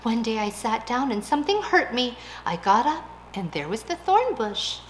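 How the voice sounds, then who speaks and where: A woman voicing an emotional old lady who loves her thorn bush, with a high, fluttery, excitable way of talking. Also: normal speed, slight background noise. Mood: fretful.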